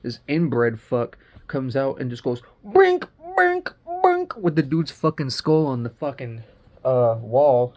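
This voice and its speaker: A man's voice: mid-range voice, a little slow, dark tone. Young man rambling through a profane movie recap. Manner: rambling, profane and slangy, full of fillers. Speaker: movie reviewer. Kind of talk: casual spoiler recap.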